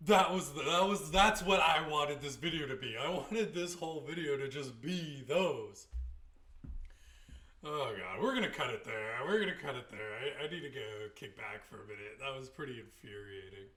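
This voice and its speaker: A man's voice: mid-range voice, animated, moderate pace, bright, forceful tone, reverberant. A man hosting a casual reaction video, laughing often, cursing, and mocking the people he watches.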